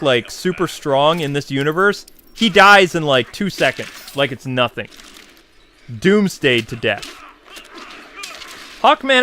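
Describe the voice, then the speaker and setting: A man's voice: on the high side, sharp tone, a little hiss or hum. A man giving a casual, slangy film review that swings from laid-back to exasperated.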